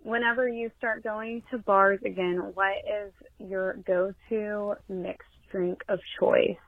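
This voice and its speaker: A woman's voice: medium pitch, fairly even intonation, slow pace, no room sound. A woman from Texas calling in with a question, in a recorded voice message. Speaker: caller. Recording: phone-like lo-fi audio.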